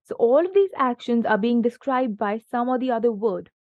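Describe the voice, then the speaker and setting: A woman's voice: a little high, lively intonation, moderate pace, dry recording, narrow, tinny audio. A woman tutoring a young child in grammar, patient and encouraging, asking many questions and praising the answers. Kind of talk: one-on-one grammar lesson for a child.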